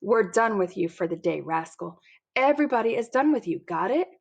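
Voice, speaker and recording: A woman's voice: medium pitch, lively intonation, fairly quick, creaky, breathy edge, muffled recording. A woman doing an exasperated, scolding dad. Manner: scolding, fed-up. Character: exasperated, stern young father.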